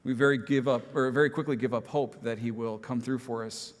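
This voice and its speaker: A man preaching in a church sanctuary, telling a personal story in a relaxed, self-deprecating way with humorous asides. His voice sits at an ordinary middle pitch. A long reverb trails every phrase. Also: fairly quick. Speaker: pastor.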